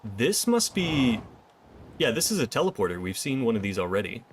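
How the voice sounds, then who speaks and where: A man's voice: medium pitch, big pitch swings, normal speed, a little hiss or hum. A man streaming a first playthrough of a video game, thinking aloud and chatting with viewers. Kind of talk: casual gameplay commentary.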